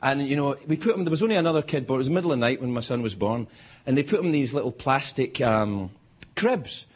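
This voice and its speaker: Rambling man with lively pitch. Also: quick pace, husky. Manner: rambling, self-interrupting, chuckling at his own jokes. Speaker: late-night talk show host. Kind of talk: stand-up monologue. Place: TV studio with live audience. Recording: noisy studio audio with crowd laughter. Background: audience laughter.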